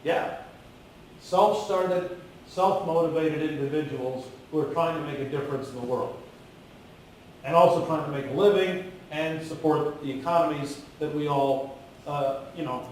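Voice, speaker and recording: A man giving a live motivational business talk in a large room, animated and coaxing the audience to call out answers. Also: a little high, slight background noise. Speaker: keynote speaker. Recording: very echoey hall, far from the mic.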